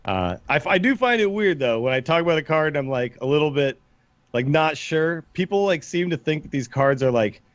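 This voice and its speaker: A man's voice: fairly high pitch, lively intonation, fairly quick, dry recording, lo-fi sound. A man co-hosting a podcast, chatting casually and pragmatically, often acting out quotes. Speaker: podcast co-host. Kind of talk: casual chat.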